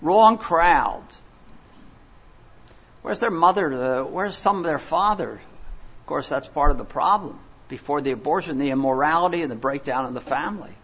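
A man's voice: a little high, brisk, few pauses, fairly bright tone, husky. An older man from Philadelphia preaching a sermon, telling stories in a rambling, digressive way with many fillers and restarts. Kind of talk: sermon with storytelling. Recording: dull lo-fi recording.

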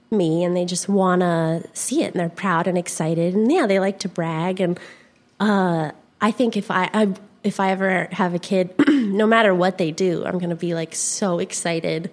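A woman's voice: lowish voice, a little mellow. Young woman guest, chatty and giggly, loose rambling delivery. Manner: giggly, rambling, full of fillers. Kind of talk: casual conversation.

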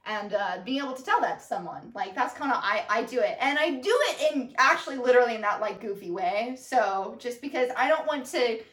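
A woman's voice: on the high side, lively intonation, fairly quick, few pauses, a bit bright. A young woman co-hosting a podcast, chatting casually and playfully, with lots of fillers. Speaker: podcast co-host. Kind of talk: casual conversation. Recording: roomy sound from a distance.

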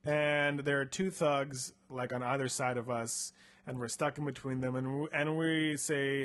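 A man's voice: medium pitch, fairly even intonation, moderate pace, a bit bright. A man co-hosting a casual podcast, retelling a book in a rambling, self-deprecating way with lots of fillers. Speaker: podcast co-host.

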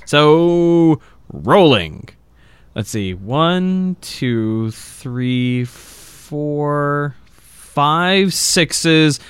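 Tipsy guy playing a tabletop game, slow and lively, smooth voice, dry close sound. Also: on the high side, no room sound. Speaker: player. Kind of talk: casual tabletop game play.

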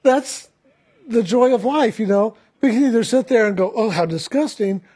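A man giving a reflective spiritual talk as a teacher, gentle in tone and laughing easily while he tells a story. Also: high voice, breathy edge.

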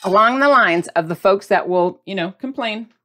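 A woman hosting a podcast in a casual, animated and emphatic monologue. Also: medium pitch, normal speed, a little hiss or hum. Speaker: podcast host.

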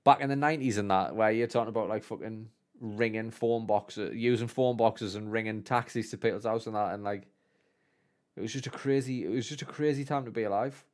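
A man's voice: on the low side, brisk. A man, co-hosting a podcast in casual, rambling, sweary chat and mocking himself as he goes. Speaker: podcast co-host.

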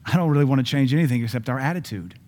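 A man preaching a sermon, dropping to quiet asides and then building to loud peaks, reading scripture slowly with emphasis. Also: medium pitch. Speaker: pastor.

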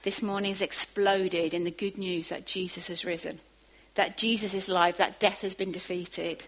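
A woman preaching a sermon, moving from quiet asides to emphatic, rising bursts. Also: fairly low pitch, steady tone, moderate pace, rough recording.

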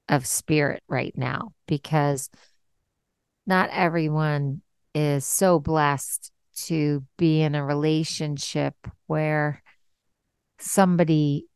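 A woman's voice: sits low, vocal fry, clear, resonant tone, no room sound, studio quality. A woman hosting a podcast interview, chatting casually in an effusive, affirming way. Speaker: podcast host.

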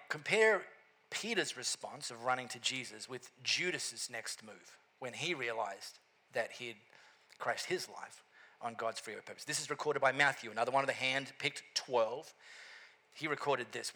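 A man preaching a sermon, telling a story with animated asides and repeated catchphrases. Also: medium pitch. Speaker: pastor.

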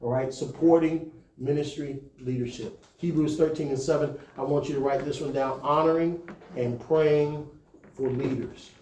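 A man's voice: a little high, fairly even intonation, moderate pace, a little mellow, echoey room, a little hiss or hum. A man preaching to church leaders in a conversational style, climbing to emphatic peaks. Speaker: pastor.

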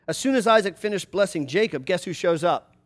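A man's voice: high voice, lively intonation, fairly quick. A man preaching a sermon, retelling a story with conversational, explanatory asides.

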